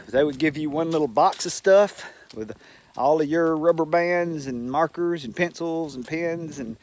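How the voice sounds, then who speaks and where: A man's voice: a little high, darkish tone. An older man, a retired teacher, telling rambling stories in a casual monologue and acting out the people he quotes. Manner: rambling, folksy anecdotes with acted-out quotes.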